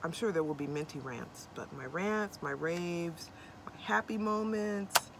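A woman's voice: lowish voice, measured pace, gravelly, heavy background noise. A young adult woman chatting casually to camera from inside her van, bubbly and corny, rambling with lots of ums. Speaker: vlogger. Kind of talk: casual vlog chat to camera.

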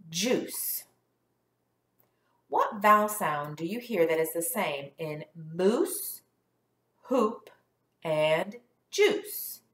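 A woman teacher leads young children through a phonics lesson, sounding out words slowly and clearly for them to repeat. She speaks at an unhurried pace, and her voice carries in a roomy, echoing space. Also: fairly low pitch. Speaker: first grade teacher.

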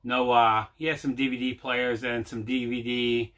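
A man's voice: mid-range voice, little pitch movement, moderate pace, fairly bright tone. A man hosting his own home video, telling a long casual story with lots of fillers and repeats. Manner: rambling, repeats himself, many fillers. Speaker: host.

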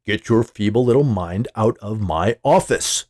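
A man's voice: on the low side, animated, a little fast, mellow, no echo, studio quality. A man playing a menacing company boss. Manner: smooth, then explosive.

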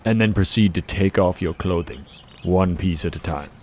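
A man voicing a sleazy, smooth-talking male preacher in a slow, deep, mock-seductive tone, over a noisy voice-chat mic. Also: darkish tone, lightly acted.

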